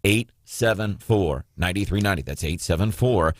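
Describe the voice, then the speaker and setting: A man hosting morning talk radio, with a low-set voice and a sarcastic, combative edge. He is close on the mic in a dry studio, with no room sound. He fires opinions straight at his listeners. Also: normal speed, dry recording. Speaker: radio show host.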